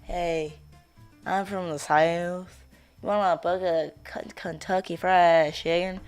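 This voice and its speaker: A young man voicing a drawling American Southern man offering fried chicken in a low, hushed put-on voice. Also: steady tone, takes it slowly, clear, resonant tone, faint music behind. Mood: teasing.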